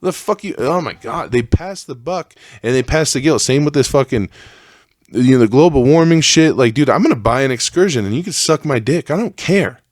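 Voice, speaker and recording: A young man hosting a solo podcast, ranting with heavy profanity and a voice that climbs higher as he gets worked up. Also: lively intonation, a little fast, darkish tone, no echo, clean studio sound. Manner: profane, heated rant that rises in pitch. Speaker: podcast host.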